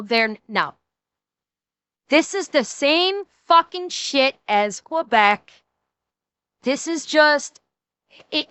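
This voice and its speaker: A woman streamer giving emphatic, animated reaction commentary, swearing freely. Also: fairly high pitch, clean tone, no echo.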